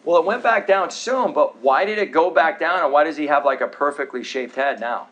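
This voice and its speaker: A man's voice: on the high side, brisk, muffled recording, noisy background. Joking man lecturing a class. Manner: joking, sarcastic asides to the audience. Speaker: chiropractor teaching a health class. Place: office classroom.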